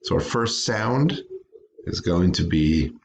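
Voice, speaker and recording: A man's voice: sits low, animated, takes it slowly, creaky, a little hiss or hum. A man teaching a recorded phonics lesson to children, patiently sounding out words syllable by syllable.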